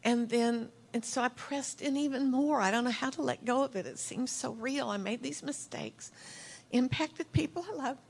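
A middle-aged woman giving a heartfelt sermon as a church speaker, telling stories earnestly and emotionally, sometimes dropping to a soft whisper. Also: high-pitched, moderate pace, gravelly, slight background noise. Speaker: church speaker leading prayer.

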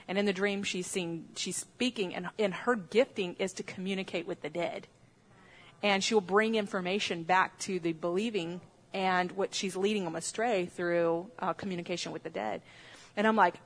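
A woman's voice: mid-range voice, normal speed, a bit bright. A woman who teaches on dreams, telling a story in a sermon in a chatty way, with restarts and laughs.

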